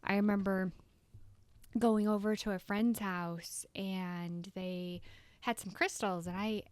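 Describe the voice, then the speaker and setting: A woman energy healer, a podcast guest, telling a personal story in an animated way and tagging lines with "right?". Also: mid-range voice, slow pace, clean tone, no room sound. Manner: animated, acts out quotes, frequent "right?".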